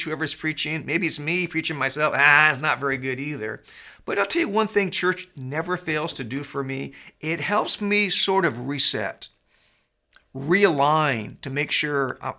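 A man preaching a sermon as pastor, telling stories in an animated, conversational way. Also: a little high, vocal fry.

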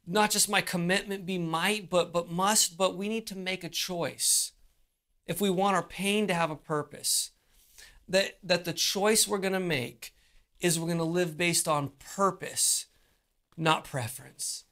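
A preacher delivering a sermon, pausing often and repeating words as they build each point. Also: medium pitch, fairly bright tone. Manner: slow, deliberate delivery with frequent repeated words and pauses.

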